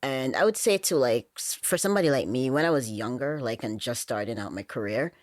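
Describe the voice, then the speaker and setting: Jamaican woman guest, very deep voice, dry close sound, candid, filler-heavy chat. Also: expressive, fairly quick, dry recording. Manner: candid, frequent "you know" fillers. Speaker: podcast guest. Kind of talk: casual conversation.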